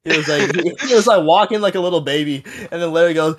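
A young man co-hosting a casual chat among friends, laughing constantly and getting excited as he talks. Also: fairly high pitch, quick pace, a crowd in the background. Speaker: podcast co-host.

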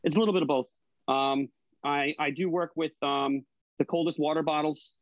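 A man with a slightly high voice chats casually as a guest, full of fillers and swearing. The sound is dull and very dry, recorded close with no room. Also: steady tone, moderate pace, no echo. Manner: chatty, profane, hesitant fillers. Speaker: guest, online cooking creator. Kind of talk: casual podcast chat.

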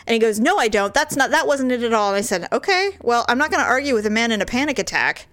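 A woman's voice: on the high side, lively intonation, racing, a bit bright, no echo. A middle-aged woman telling a story in casual chat, acting out the quotes and laughing often.

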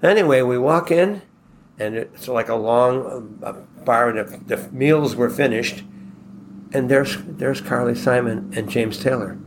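A man from Buffalo telling a long personal anecdote in a relaxed, rambling way, acting out the quoted dialogue as he goes. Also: mid-range voice, unhurried, background noise. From Buffalo, New York. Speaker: guest telling a personal story.

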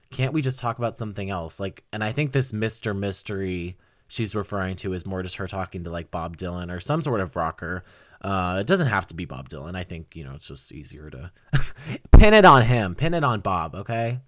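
A young man hosting a podcast, talking casually and rambling about an album he loves, laughing often and swearing now and then. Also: lowish voice. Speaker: podcast host. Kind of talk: casual music album review.

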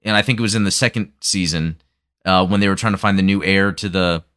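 A man hosting a live chat show, talking fast and rambling with lots of fillers and restarts. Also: sits low, fairly even intonation, fairly bright tone, clean tone, no echo, studio quality. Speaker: podcast host. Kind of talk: casual chat.

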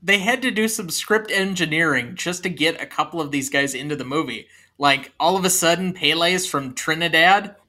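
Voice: medium pitch, moderate pace, few pauses, pushed and bright. A podcast co-host in a casual movie review chat, talking with a sarcastic, dismissive edge.

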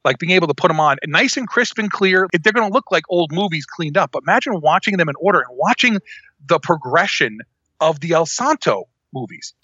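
A man co-hosting a podcast in casual chat, talking in a rambling, animated way and often breaking off and restarting. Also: fairly high pitch, a little fast, breathy edge, no echo, dull audio. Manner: rambling, animated, self-interrupting. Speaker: podcast co-host.

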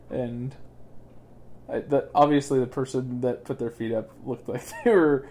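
Mellow-voiced young man student. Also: mid-range voice, fairly even intonation, a little slow, slight background noise. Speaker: student traveler. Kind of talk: casual interview advice.

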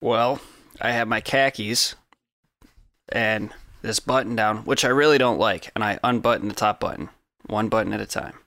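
A man's voice: lowish voice, normal speed, bright, forceful tone, no room sound. A man playing a tabletop game in a goofy, playful way. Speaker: player. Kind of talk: casual tabletop play.

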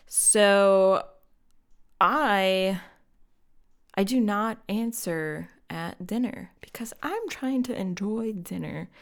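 Woman, 30s, solo podcast host; chatty and giggly, slow delivery, smooth clear tone. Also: medium pitch. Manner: chatty, addresses listeners directly, laughs often. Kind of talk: casual solo podcast monologue.

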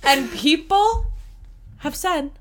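A woman co-hosting a casual pop-culture podcast, talking in a sarcastic, animated way and swearing freely. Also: high voice, slow. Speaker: podcast co-host.

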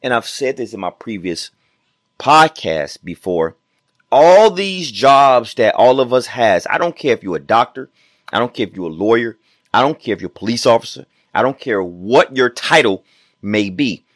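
A man's voice: mid-range voice, lively intonation, normal speed, no room sound, clean studio sound. A man hosting his own podcast as a personal trainer, giving an emphatic, repetitive motivational talk full of rhetorical questions.

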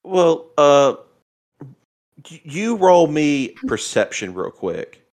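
A man acting as game master, narrating a tabletop horror game with halting, searching descriptions. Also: a little high, very animated, a little mellow.

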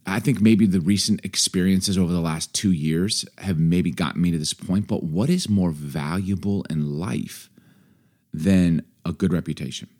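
A man in his forties co-hosting a casual chat, animated and excitable, voice jumping high when worked up. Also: normal speed. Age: 40s. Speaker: podcast co-host and pastor.

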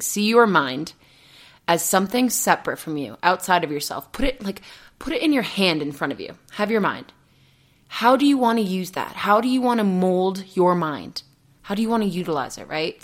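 Brief: young woman, slightly low voice, earnest rambling podcast host, checks in with "okay?", giggles nervously. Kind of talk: casual solo podcast monologue.

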